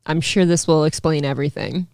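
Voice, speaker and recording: A woman's voice: low-pitched, fairly even intonation, brisk, creaky, darkish tone, clear, resonant tone, no room sound. A female radio co-host in casual comedic talk, trading dry quips.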